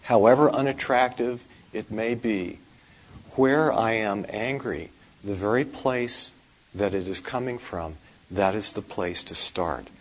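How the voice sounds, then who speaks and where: A male monk giving a dharma talk in a low, husky voice. He paces his words slowly and deliberately, with dry, wry humor. His voice stays slightly breathy throughout. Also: poor audio. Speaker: Buddhist monk teacher.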